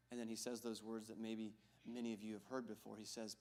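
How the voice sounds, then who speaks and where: A man's voice: fairly low pitch, level tone, quick pace, hardly any pauses, a little mellow. A male pastor preaching a sermon in a church sanctuary, conversational and joking, asking the congregation questions.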